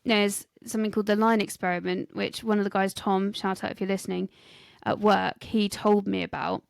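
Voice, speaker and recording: On a dry recording, the British co-host of a history podcast talks fairly quickly in a gravelly, mid-range voice with a level tone. She chats and giggles through the casual conversation and reads out some scripted parts.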